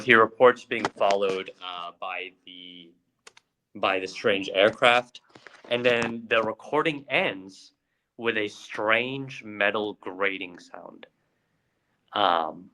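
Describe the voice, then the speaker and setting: A man co-hosts a casual podcast and recounts a story, padding it with fillers and restarting his sentences. His voice sits fairly low, with a bright, forceful tone. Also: low-quality recording. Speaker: podcast co-host.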